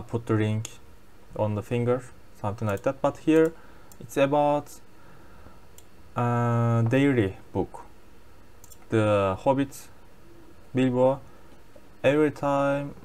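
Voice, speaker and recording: Guy going over his study notes, slow and halting, lots of uhs. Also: mid-range voice, darkish tone, a little hiss or hum. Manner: halting non-native English with many fillers. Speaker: language learner sharing daily lessons. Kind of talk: casual explaining lesson.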